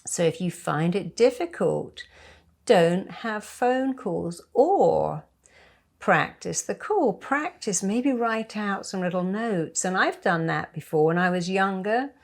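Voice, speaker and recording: A woman's voice: medium pitch, lively intonation, slow, creaky. A middle-aged woman therapist giving emphatic, encouraging advice in a talk to camera. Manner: emphatic, encouraging, acts out sample phone calls.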